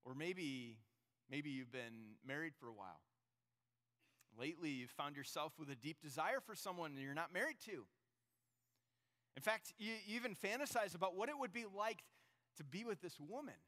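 High-voiced male preacher in a reverberant hall. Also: lively intonation, moderate pace, sharp tone. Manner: earnest, storytelling, addresses the congregation directly. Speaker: pastor. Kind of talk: sermon. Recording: long reverb of a large hall.

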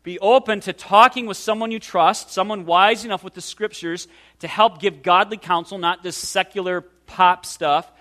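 A man preaching an earnest pastoral sermon, slowing down to stress key words and speaking directly to his listeners. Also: high-pitched, fairly even intonation, bright, forceful tone. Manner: earnest, pastoral, slows for emphasis.

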